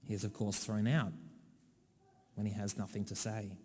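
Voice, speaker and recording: A man's voice: fairly low pitch, level tone, normal speed, mellow, breathy edge. An Australian man preaching a sermon in a conversational, wry way, with dry asides. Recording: long hall reverb.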